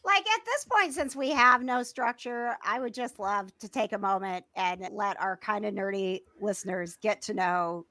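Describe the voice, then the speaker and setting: A woman from the Midwest with a Midwestern American accent, hosting a podcast in casual chat, bubbly and quick to laugh. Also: medium pitch, animated, sharp tone, no echo. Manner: bubbly, laughs often, talks up the show. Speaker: podcast host.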